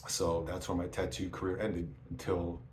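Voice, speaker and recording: A man's voice: sits low, little pitch movement, normal speed, darkish tone. A man in his forties telling stories in a casual interview, swearing often and restarting his sentences. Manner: profane, rambling, restarts often. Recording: echoey room with faint noise.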